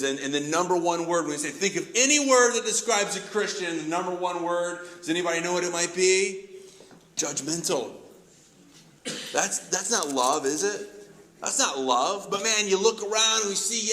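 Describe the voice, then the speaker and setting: A male pastor delivers a sermon in a high, bright, forceful voice. He talks in an animated, conversational way, acting out quoted lines and repeating words as he restarts. The sound rings through an echoey room.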